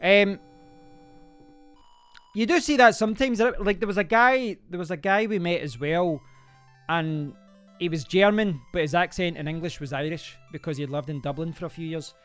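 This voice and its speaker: Chatty gamer, smooth voice. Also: male voice, high-pitched, moderate pace, fairly bright tone, soft background music. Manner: rambling, chatty, reacts aloud to the game. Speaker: live-streaming gamer. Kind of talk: casual live-stream chat while playing.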